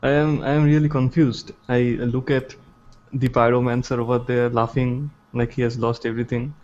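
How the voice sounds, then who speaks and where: A man's voice: mid-range voice, level tone, normal speed, darkish tone. Male player, hesitant, repeats himself, dull lo-fi sound. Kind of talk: in-character roleplay. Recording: dull lo-fi online audio.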